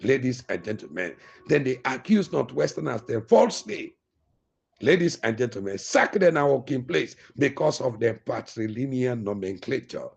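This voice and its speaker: A man's voice: medium pitch, lively intonation, normal speed, creaky, slightly rough, highs cut off. A man with a Sierra Leonean accent giving a political speech to his fellow citizens, full of long rhetorical lists. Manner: oratorical, repetitive lists. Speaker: political speaker.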